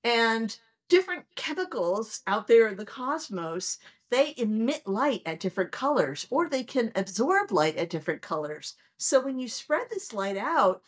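A woman in her sixties, a planetary astronomer telling stories in a conversational interview, animated and acting out her excited reactions. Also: on the high side, moderate pace, husky. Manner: animated storyteller who acts out her own excited reactions.

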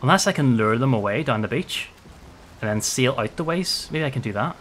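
A man streams a survival game with casual commentary to himself, talking a little fast in a medium-pitched voice over slight background noise. Things go wrong, and he turns excitable and jumpy, cursing often.

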